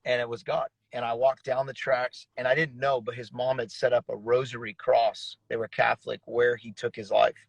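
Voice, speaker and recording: Male pastor, 30s, gravelly voice, dry close sound, earnest testimony. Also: mid-range voice, level tone, normal speed, few pauses, no room sound, poor audio. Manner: earnest, emotional storytelling with many restarts. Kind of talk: conversational testimony in an interview.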